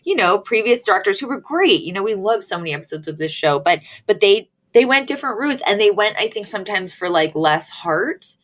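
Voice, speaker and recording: A woman's voice: a little fast, few pauses. A woman co-hosting a podcast, chatting casually as she recaps a sitcom episode and acts out the characters' lines. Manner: animated, acts out quoted lines in a higher voice. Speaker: podcast co-host.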